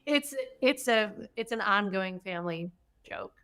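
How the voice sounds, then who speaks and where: A woman's voice: medium pitch, unhurried, a crowd in the background. Chatty middle-aged woman guest. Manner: chatty, animated, laughs easily. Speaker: remodeler guest. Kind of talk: casual interview chat.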